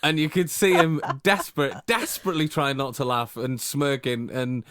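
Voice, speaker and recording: A man spins a rambling, filler-heavy anecdote on a casual podcast. His voice sits at an ordinary pitch and is recorded dry and close. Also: moderate pace, fairly bright tone, no echo. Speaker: podcast co-host.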